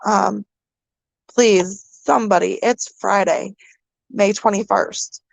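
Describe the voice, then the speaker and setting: Slow, creaky-voiced tearful woman. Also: mid-range voice, steady tone, no room sound. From Minnesota. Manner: halting, many ums, tearful pauses. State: crying. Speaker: vlogger. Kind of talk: emotional vlog talk to viewers.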